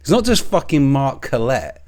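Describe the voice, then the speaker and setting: Scornful man with lively pitch. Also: moderate pace. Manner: profane, scornful, sarcastic. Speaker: political commentator. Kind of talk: ranting commentary.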